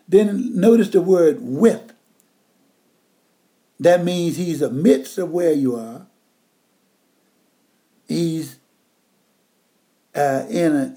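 A man near eighty, preaching a folksy, emphatic sermon that swings between loud and hushed. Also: fairly high pitch. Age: older.

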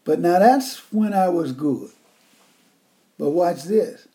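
An elderly preacher delivers a sermon in a raised, high voice with a warm, mellow tone. He talks slowly and folksily, leaning hard on words and dropping to a hush. His delivery is unhurried and plain-spoken. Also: expressive. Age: older. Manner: folksy, emphatic, swings between loud and hushed.

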